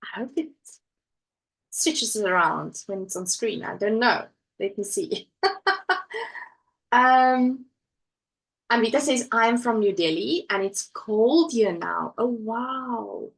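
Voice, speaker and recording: A woman's voice: fairly high pitch, slow, creaky, poor audio. A woman hosting a casual crafting live stream from home, chatting and reading viewer comments aloud. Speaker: livestream host.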